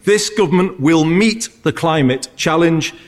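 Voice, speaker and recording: A man's voice: a little high, measured pace. A man making a formal speech in parliament, declaring his commitments firmly. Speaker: politician giving a speech.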